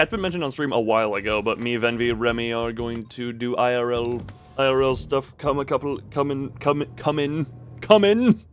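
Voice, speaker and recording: A man's voice: mid-range voice, a bit bright, clean tone. A man streaming a video game, chatting loosely with his viewers, restarting his sentences and laughing often. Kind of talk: casual live-stream chat while playing.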